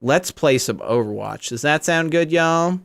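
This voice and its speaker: A man's voice: on the high side, a little slow, gravelly, dry recording. A young man streaming live, chatting casually and joking, laughing often. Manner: lively, jokey, laughs often. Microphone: good microphone.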